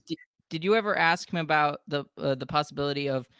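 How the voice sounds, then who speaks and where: A man hosting an interview, asking questions in a halting, self-correcting way. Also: fairly high pitch, sharp tone, smooth. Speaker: podcast host.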